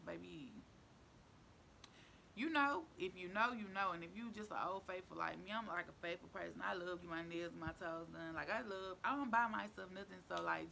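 Chatty woman vlogger with a gravelly edge. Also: on the low side, sharp tone, slight background noise. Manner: chatty, repeats herself, playful slang. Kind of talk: casual chat to camera.

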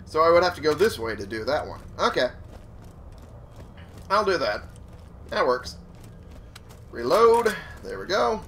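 Man doing let's play commentary: casual, swears freely, lively pitch. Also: unhurried, long pauses, a little hiss or hum. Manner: casual, swearing, laughing to himself. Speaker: gamer.

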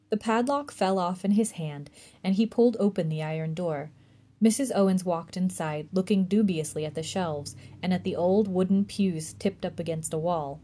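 A woman librarian reading a chapter book aloud for a tween storytime, gentle and even. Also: on the low side, normal speed.

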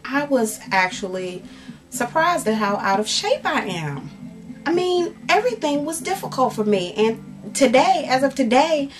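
A woman with a high voice speaks a little slowly, with faint music behind her, as she vlogs from home. Sore and frustrated after a workout, she rants candidly and animatedly to the camera. Her speech is full of fillers and she keeps interrupting herself.

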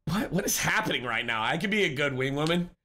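A man chatting casually on a live stream, upbeat and talkative as he answers his viewers by name. His voice sits slightly high for a man, with a crisp, bright edge. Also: animated, quick pace.

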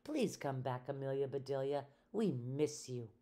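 A woman doing a gentle, apologetic lady of the house. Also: extremely low pitch, lively intonation, measured pace.

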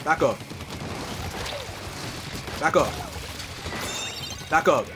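Excitable high-voiced male game streamer. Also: very slow, background noise. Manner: excitable, yells and trash-talks at opponents. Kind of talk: live gameplay commentary.

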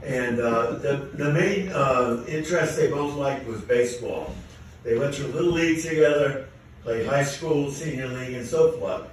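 90s man, amateur comic, halting joke delivery, heard from afar in a very echoey room. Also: mid-range voice, recorded from a distance, slight background noise. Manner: halting delivery with many fillers. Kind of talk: telling joke stories. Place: comedy event venue.

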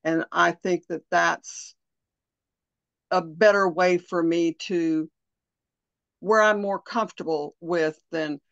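A woman's voice: on the low side, fairly even intonation, takes it slowly, creaky, long pauses, no echo. Southern lady agent, chatty and self-deprecating, lo-fi muffled sound. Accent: Southern American. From American South. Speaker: real estate agent. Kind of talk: casual conversation. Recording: dull, dry lo-fi audio.

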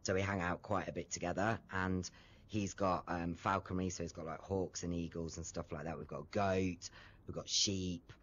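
A man's voice: deep voice, level tone, moderate pace, a bit bright, highs cut off. A British man chatting frankly and casually as an interview guest over an online call. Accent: British English. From Britain. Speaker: interview guest, content creator.

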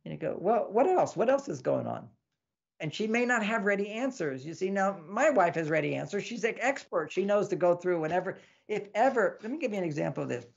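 A man's voice: high-pitched, quick pace, vocal fry, few pauses, highs cut off. A man, an author guest in an interview, explaining ideas in a teaching manner and acting out bits of dialogue. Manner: animated, acts out dialogues; teaching, repeats lists. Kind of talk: interview talk.

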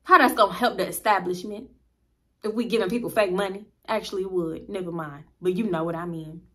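A young woman in her twenties telling a casual, profane work story in an animated, chatty way. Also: mid-range voice, fairly quick.

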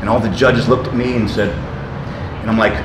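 An older man in his sixties speaks with a fairly low voice in an intense, emphatic, motivational way. His words hit in punchy bursts. The recording sounds roomy, and loud traffic noise runs behind him. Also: little pitch movement, fairly quick. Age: 60s. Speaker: interview guest. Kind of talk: motivational reminiscing.

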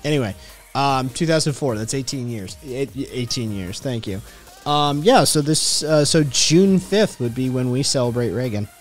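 A man's voice: mid-range voice, animated, moderate pace. Podcast host, male, loose profane rambler, faint music in the background. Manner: profane, rambling, reacting to chat. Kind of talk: casual livestream chat.

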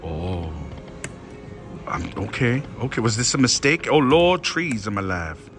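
Excitable man narrating his slot spins. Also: medium pitch, measured pace, over music. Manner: excitable, talks to viewers, swings between hushed and shouting. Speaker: slot machine vlogger. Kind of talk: excited casino commentary.

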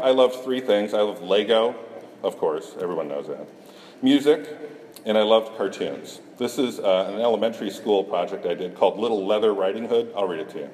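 A man's voice: on the low side, darkish tone. A middle-aged man from Iowa, a cartoonist giving a self-deprecating conference talk, joking with the audience. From Iowa, USA. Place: conference hall. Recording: echoey hall, faint room noise.

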